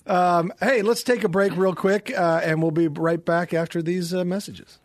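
A man co-hosting a casual podcast chat, relaxed and hesitant with fillers. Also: high voice, normal speed, dry recording, studio quality. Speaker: podcast co-host.

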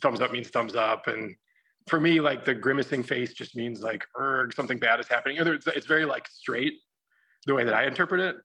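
A man's voice: mid-range voice, moderate pace, creaky, pushed and bright, slightly rough, poor audio. A father talking casually in an interview clip, with many fillers. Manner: casual, lots of 'like'. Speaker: interviewed parent.

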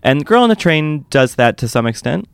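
A man's voice: fairly high pitch, big pitch swings, normal speed, gravelly, clean tone, no room sound. A man co-hosting a film podcast in casual, enthusiastic chat, full of fillers and restarts.

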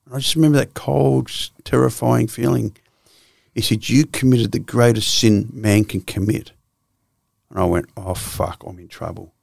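Gravelly older Australian man, blunt and profane. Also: medium pitch, fairly even intonation, moderate pace, a little mellow, no echo, studio quality. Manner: blunt, profane storytelling with frequent restarts. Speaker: guest. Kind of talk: candid storytelling interview.

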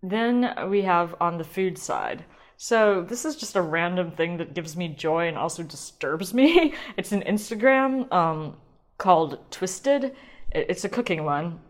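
A woman with a somewhat low voice hosts a casual wine podcast on her own. She rambles and gets distracted, pokes fun at herself, and swears freely as she gushes about what she's tasting. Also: expressive, a little slow. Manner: chatty, rambling, self-deprecating, swears and gushes. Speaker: podcast host. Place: home kitchen.

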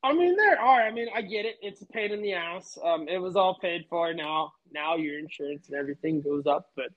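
A man's voice: sits high, lively intonation, brisk, highs cut off. A man telling a work story in casual chat, laid-back, swearing freely. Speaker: podcast guest.

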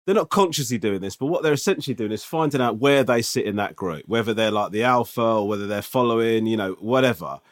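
A man in his forties co-hosting a casual podcast, telling animated, self-mocking stories. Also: fairly low pitch, fast, hardly any pauses. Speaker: podcast co-host. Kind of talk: casual chat.

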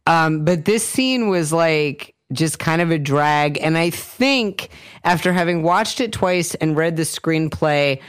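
A woman's voice: sits low, takes it slowly, clean tone. A woman co-hosting a casual podcast chat, breaking down a film scene in a dry, analytical, matter-of-fact way. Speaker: podcast co-host reviewing a film.

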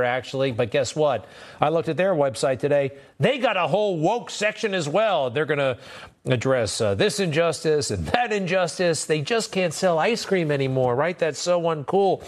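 A man hosting a cable news show, talking in a sarcastic, indignant and conversational way. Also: a little high. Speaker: TV news host. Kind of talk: opinionated cable news commentary.

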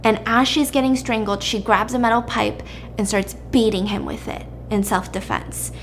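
A woman host casually recapping a drama plot with animated storytelling and quick asides to her co-host. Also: fairly high pitch, slight background noise. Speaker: podcast host.

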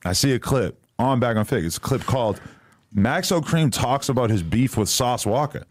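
A man's voice: mid-range voice, animated, normal speed, no echo, clean studio sound. A man hosting a podcast, asking probing questions and dropping short replies in casual chat. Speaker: podcast host.

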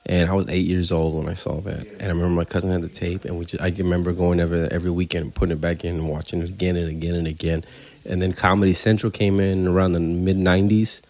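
A man, a stand-up comedian telling stories on a podcast in a casual, animated way, swearing freely. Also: sits low, quick pace. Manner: animated storyteller, swears freely, acts out quoted voices.

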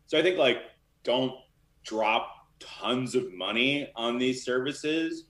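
A man's voice: mid-range voice, slow pace, fairly bright tone, reverberant. A man talking casually and candidly as a guest in an interview, with lots of fillers. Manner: loose and candid, many fillers. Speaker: literary manager.

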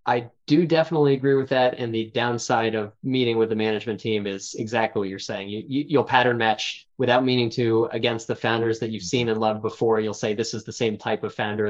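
Male founder guest, measured and explanatory, mid pitch, slightly muffled remote audio. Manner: thoughtful, explanatory, frequent fillers. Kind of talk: casual interview chat.

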